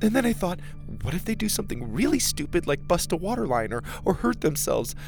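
A man's voice: high voice, sing-song, brisk, vocal fry, over music, pitched above the performer's own voice, full character voice. A man voicing a panicky young girl who rambles frantically, close to tears.

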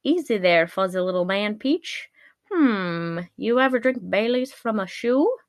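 A woman puts on the voice of an odd, scaly half-man half-fish creature of a lake, creepy and pushy, slipping between menace and flirting. The voice is slow and drawn out, and the recording is dry and close. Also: medium pitch, animated, no echo, natural voice. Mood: creepy flirty.

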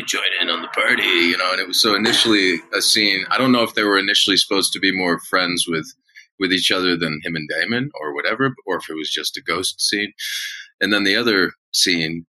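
A man's voice: sits low, fairly quick, bright, forceful tone, poor audio. A male actor guest on a podcast, chatting casually and telling rambling anecdotes.

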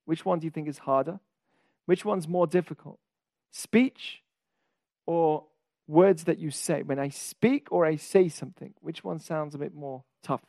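A man with a high voice teaches a lively Torah class. He stresses key words and keeps asking his listeners questions. The sound is dry and close, with no room around it. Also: measured pace, vocal fry, dry recording.

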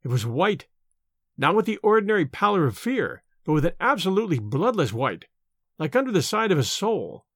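A man narrating a classic horror story with a dramatic, expressive reading. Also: sits high, a little fast, no echo, studio quality.

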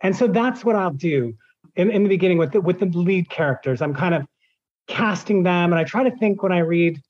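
A man's voice: high voice, expressive, brisk, a little mellow, lo-fi sound. A man who narrates audiobooks, answering in an interview and explaining his process at length with examples.

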